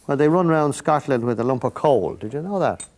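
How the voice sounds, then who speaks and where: A man's voice: mid-range voice, lively intonation, fairly quick, a little mellow. An older Irish man hosting a painting lesson, chatting to the viewer in rambling, folksy asides while he works. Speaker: painting instructor and host.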